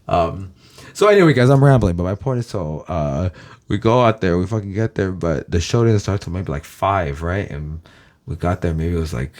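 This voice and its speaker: A man's voice: sits low, darkish tone. A man from Los Angeles, a YouTuber, rambling casually to his viewers, swearing constantly and calling them guys.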